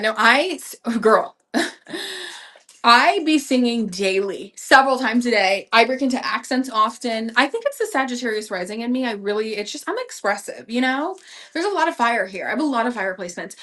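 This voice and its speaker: A woman's voice: fairly high pitch, fairly bright tone. Chatty young woman selling online. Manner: chatty and gushing, lots of slang and fillers. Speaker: live-stream seller. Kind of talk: casual live-stream selling chat.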